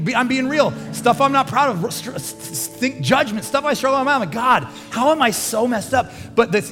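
A pastor preaching a sermon in an earnest, conversational way, building to emphatic peaks. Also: male voice, high voice. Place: large church hall. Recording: long church hall reverb with music behind.

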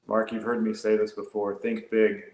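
A man with a low voice gives business advice in an earnest, conversational tone. He often repeats words and trails off. The room adds a noticeable echo. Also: monotone, moderate pace, a little mellow. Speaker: co-host and business consultant. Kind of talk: casual conversational talk. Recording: echoey room sound.

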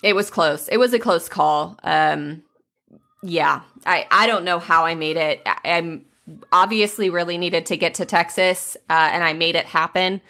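Young woman, casual chat, self-deprecating, gravelly, bright. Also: lowish voice, measured pace. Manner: candid, self-mocking storyteller.

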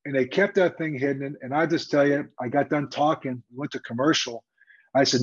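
A man who is a former football coach and TV analyst, telling a story in an animated, conversational interview with frequent fillers. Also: mid-range voice, fairly quick, breathy edge. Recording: dull lo-fi sound.

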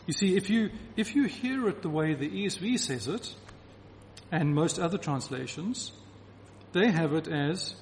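A man's voice: on the high side, expressive, measured pace, creaky, a little hiss or hum. A man preaching a sermon to a congregation, emphatic and repeating key phrases to drive his point home. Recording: reverberant hall with faint ambience.

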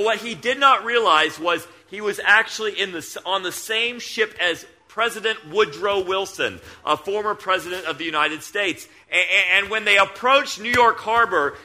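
A middle-aged man preaching a sermon, moving between loud, excited storytelling and quiet, hushed intensity. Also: sits high.

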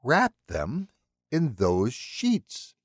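A man voicing a calm, polite killer in an audiobook, speaking in a precise, mannered and coolly threatening way. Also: medium pitch, extremely slow, slightly rough, no room sound, clean studio sound, voice pushed up, exaggerated voice. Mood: menacing. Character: calm, menacing male killer, polite and unhinged.

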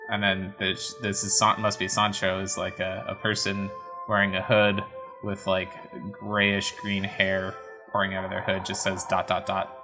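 Man, fairly low voice, casual game-stream commentary, wry and chatty, faint music underneath. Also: monotone, a little slow. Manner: chatty, wry, easily amused. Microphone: webcam setup with desk mic.

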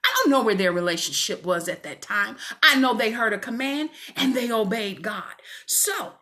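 A woman's voice: fairly high pitch, lively intonation, moderate pace, bright, forceful tone. A woman minister giving a fervent, preacherly faith testimony to women viewers from her home. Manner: fervent, preacherly, calls listeners "y'all".

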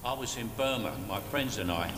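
An older actor with a Cockney accent playing an old butler who tells a grim story slowly and gravely, from a film clip. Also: male voice, a bit bright, slight background noise, lightly acted. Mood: grave storytelling. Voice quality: gravelly, low and measured. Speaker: film character. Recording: film clip with music underneath.

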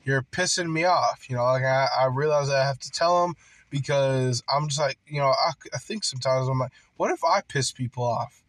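A man's voice: medium pitch, fairly even intonation, fairly quick, fairly bright tone, no room sound. A man telling a casual story in a rambling way, full of swearing and fillers like "like". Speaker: worker on a night job.

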